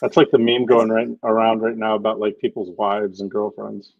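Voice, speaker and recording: A man's voice: lowish voice, flat delivery, moderate pace, no echo. A man co-hosting a casual livestream chat, talking in slang and swearing freely. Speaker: co-host. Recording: dull lo-fi dry sound.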